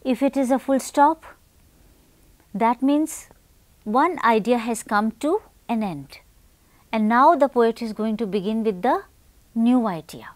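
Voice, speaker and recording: Woman teacher, talks real slow n careful, asks the class stuff, dry sound. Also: fairly high pitch, expressive, no room sound. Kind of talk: classroom lesson with poem reading.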